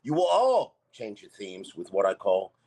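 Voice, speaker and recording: Brash, husky-voiced man reading comedy. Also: lowish voice, huge pitch swings, a little slow. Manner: brash, abrasive, loud and mocking. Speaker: guest comedian. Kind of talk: comedy script table read.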